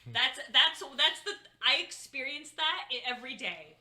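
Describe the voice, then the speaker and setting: A woman's voice: sits high, animated, moderate pace, noisy background. A woman co-hosting a podcast in casual banter, playfully indignant and swearing freely. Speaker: podcast co-host.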